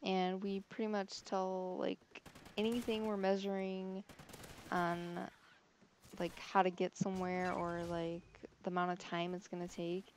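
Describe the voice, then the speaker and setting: A woman's voice: on the low side, flat delivery, a little hiss or hum. A young woman from Michigan with a Michigan accent, talking casually to camera in a vlog, nasal on her short O sounds, running her words together with lots of "like". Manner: fast, run-together speech with many "like" fillers. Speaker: vlogger.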